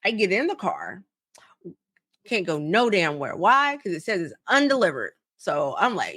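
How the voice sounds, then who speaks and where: A young woman on a podcast, telling a story in a loose, profane, animated way and acting out both sides of each exchange. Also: medium pitch, moderate pace, slightly rough, dry recording, studio quality. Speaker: podcast co-host. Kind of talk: casual storytelling chat.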